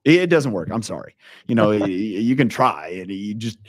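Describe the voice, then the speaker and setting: A man's voice: lowish voice, very animated, moderate pace, no room sound, studio quality. A man in his forties, a leadership coach, talking earnestly and intensely in a casual interview, telling stories with frequent restarts.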